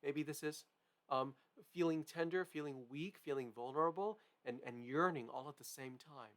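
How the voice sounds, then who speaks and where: A man's voice: a little high, normal speed. A man teaching a music lesson, explaining with frequent "right?" and "okay?" check-ins. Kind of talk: piano lesson demonstration.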